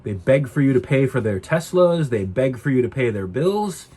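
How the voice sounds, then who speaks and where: A man's voice: medium pitch, big pitch swings, moderate pace, mellow, husky. A man ranting to camera in a casual vlog, indignant and exasperated. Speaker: vlogger.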